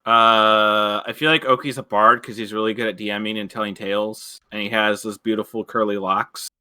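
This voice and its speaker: A man's voice: on the low side, flat delivery, moderate pace, pushed and bright, smooth. A man chatting casually with his tabletop group over a voice call, teasing and laughing a lot. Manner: teasing, laughs often, repeats himself. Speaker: tabletop game player. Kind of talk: casual voice-chat banter.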